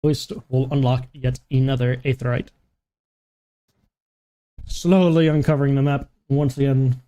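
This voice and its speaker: A man's voice: mid-range voice, little pitch movement, unhurried, warm tone. A man streaming a game live, chatting casually, joking, humming and talking to himself as he plays.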